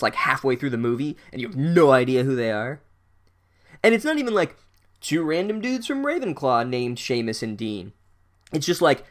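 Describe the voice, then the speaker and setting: A man riffs through a comedic recap in a sarcastic, profane voice of middle pitch. He drops into deadpan asides, then jumps to loud, incredulous outbursts. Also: normal speed. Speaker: podcast host recapping a book.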